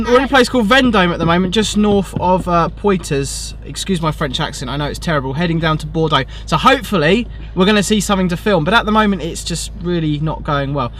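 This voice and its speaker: A man's voice: on the high side, a bit bright, slight background noise. A man chatting casually in a vlog, in a self-deprecating way, from a car and by the roadside. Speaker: vlogger. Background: music.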